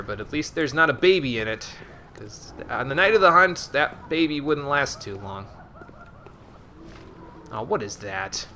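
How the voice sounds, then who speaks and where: A man's voice: medium pitch, bright, forceful tone, a little hiss or hum. A man casually commenting on his own play during a live game stream, muttering and chatting with viewers. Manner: chatty, mutters to himself, reads chat aloud.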